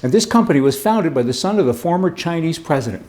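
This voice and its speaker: A man's voice: a little high, expressive, quick pace, darkish tone. A man hosting a casual political commentary monologue, sarcastic and emphatic, full of asides and rhetorical questions.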